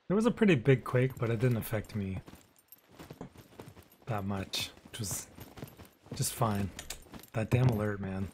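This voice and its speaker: A man streaming a video game live, chatting casually with viewers, relaxed and rambling, often trailing off into quiet mumbles. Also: on the low side, noisy background.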